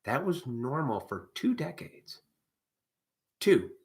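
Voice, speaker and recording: A man with a somewhat low-pitched voice rants on his own live stream. He talks casually but preaches hard, swearing freely as he lectures his viewers. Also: animated, normal speed, a bit bright. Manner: blunt, profane, preachy. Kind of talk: casual ranting monologue.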